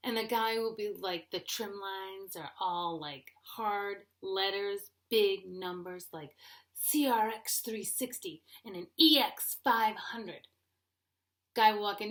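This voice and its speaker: A middle-aged woman performing stand-up comedy, animated and playful. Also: slow. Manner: high-energy, animated, playful.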